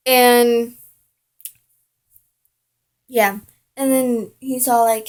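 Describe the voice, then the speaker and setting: A woman's voice: on the high side, fairly even intonation, slow pace, pauses often, a little mellow, clear, resonant tone. A woman telling a personal story in a rambling, casual way, full of "like" and "I'm all like". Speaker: vlogger.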